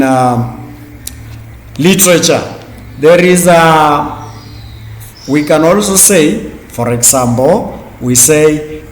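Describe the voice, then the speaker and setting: Slow, deliberate male teacher in echoey room. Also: a little high, slight background noise. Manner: slow, deliberate, spells out words letter by letter; repeats key terms for emphasis. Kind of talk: classroom lecture. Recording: echoey room with long reverb.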